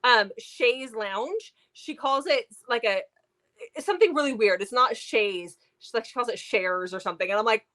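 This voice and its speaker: A woman's voice: a little high, fairly quick, a bit bright. A woman co-hosting a book review show, chatting casually and animatedly with lots of fillers. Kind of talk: casual chat.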